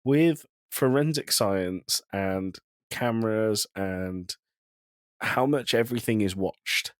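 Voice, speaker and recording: A British man co-hosting a podcast in casual chat, telling jokes in a deadpan way. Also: fairly low pitch, slow, dry recording, studio quality. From Britain. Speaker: podcast co-host.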